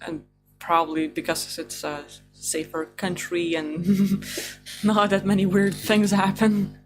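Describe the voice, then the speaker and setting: Female host, relaxed casual chat, guitar music underneath. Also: fairly low pitch, takes it slowly. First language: Lithuanian.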